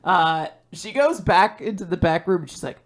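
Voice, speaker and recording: A man casually recapping a manga chapter on a podcast, acting out characters' lines in quick put-on voices. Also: sits high, lively intonation. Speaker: podcast co-host.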